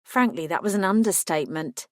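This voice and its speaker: A woman's voice: lowish voice, fairly quick, no echo. Woman narrating an audiobook, dry studio sound. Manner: reads in first person, voices characters with small shifts.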